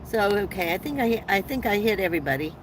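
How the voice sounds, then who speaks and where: A woman's voice: mid-range voice, lively intonation, fast talker, background noise. A woman hosting a casual live chat from inside her van, telling rambling stories with many restarts. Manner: chatty, rambling storytelling with frequent restarts and laughs. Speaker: livestream host.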